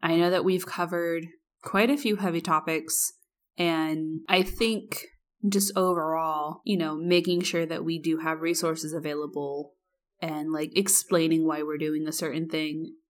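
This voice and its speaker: A woman's voice: low-pitched, fairly even intonation, measured pace. A woman co-hosting a podcast in casual chat, talking earnestly with lots of "like" and "you know". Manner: earnest and chatty, many "like" and "you know" fillers. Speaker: podcast co-host.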